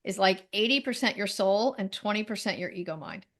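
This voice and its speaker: A woman being interviewed as a spiritual teacher, talking in a chatty, animated way and laughing often. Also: medium pitch, a little fast. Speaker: guest, medical intuitive and spiritual teacher. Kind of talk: conversational interview.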